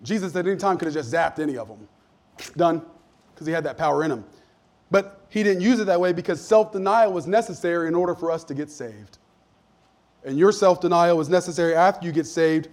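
A man's voice: fairly high pitch, a little fast. Man preaching with rising emphasis. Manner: conversational preaching, drops to soft asides and rises to emphatic points. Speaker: pastor. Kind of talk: sermon.

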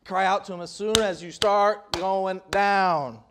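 A young man preaching a folksy sermon, rambling with restarts and rising to loud, emphatic peaks. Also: sits high, steady tone, measured pace, noisy background.

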